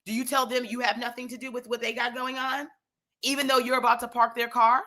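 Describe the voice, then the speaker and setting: A woman telling a comic story in an animated, exasperated way, swearing freely. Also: fairly high pitch, a little fast.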